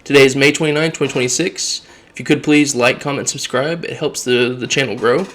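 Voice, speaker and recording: A man's voice: medium pitch, fairly quick, fairly bright tone. A man hosting his own channel, giving an impassioned, exasperated political rant. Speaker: political commentary host. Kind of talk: ranting political vlog.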